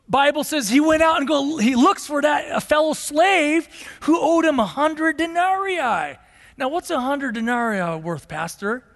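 A male pastor preaching a sermon in a church, telling the story in an animated way and acting out the characters. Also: very high voice. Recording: long hall reverb.

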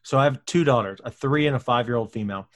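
A man in his thirties telling a story in relaxed conversation. He is animated and chatty and drops in fillers as he talks. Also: mid-range voice, quick pace. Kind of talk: casual storytelling.

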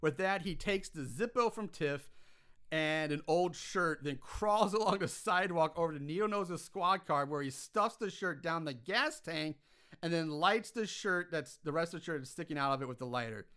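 A man casually recapping a film's plot on a podcast, animated and exasperated by the plot holes. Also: fairly high pitch, moderate pace, clean tone. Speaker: podcast co-host recapping a film.

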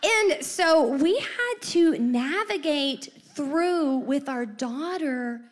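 A middle-aged woman co-hosting a faith-based parenting chat, telling stories with lively asides. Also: high-pitched, very slow. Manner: animated storyteller with lively asides.

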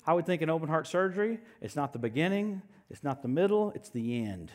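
High-voiced, animated male preacher. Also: fairly quick. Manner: animated, joking, swings from loud to soft. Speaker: pastor. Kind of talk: sermon.

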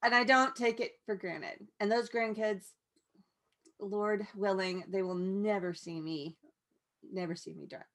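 A middle-aged woman talks over a video call as a podcast guest. She tells her story with a lot of expression, laughing often and voicing her past thoughts aloud, in a voice of ordinary pitch. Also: steady tone, measured pace. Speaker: guest, painter in recovery. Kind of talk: casual podcast interview.

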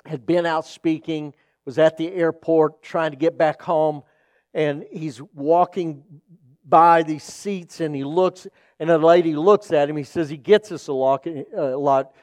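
A man's voice: on the high side, steady tone, unhurried, a little mellow, no room sound, clean studio sound. A man preaching as a pastor, telling stories earnestly and acting out the people in them. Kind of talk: sermon with personal storytelling.

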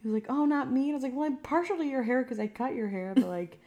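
Young woman chatting on a podcast, kinda high voice, giggly, acts out what people said. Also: animated, fast, a little mellow. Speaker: podcast co-host. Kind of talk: casual chat.

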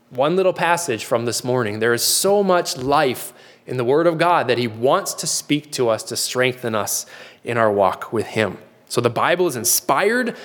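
His pitch fairly high, this middle-aged pastor delivers his sermon sincerely and in a chatty manner, often starting sentences over. The sound carries a long reverb tail.

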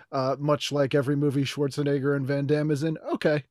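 A man co-hosting a podcast, chatting casually and making wry, quick asides. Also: on the high side, level tone, a little mellow, dry recording, studio quality. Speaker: podcast co-host. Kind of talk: casual chat.

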